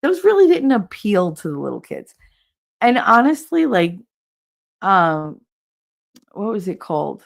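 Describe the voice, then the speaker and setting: A woman's voice: mid-range voice, a little slow, vocal fry, pauses often. A woman, hosting a casual livestream chat, laughing often and acting out quotes as she tells stories. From Hoboken, New Jersey. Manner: animated storyteller, laughs often, acts out quotes. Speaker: livestream podcast host. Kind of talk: casual chat reading viewer comments.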